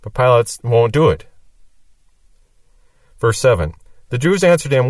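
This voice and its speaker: A man's voice: medium pitch, sing-song, a little slow, long pauses, dry recording, far from the mic. A man teaching through a Bible passage verse by verse, reading each verse and then explaining it. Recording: dry sound from off the mic.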